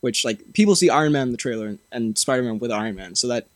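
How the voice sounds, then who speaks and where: A man's voice: mid-range voice, expressive, quick pace, no room sound. A young man hosting a podcast, chatting casually, laughing often and restarting sentences. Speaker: podcast host. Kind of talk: casual chat.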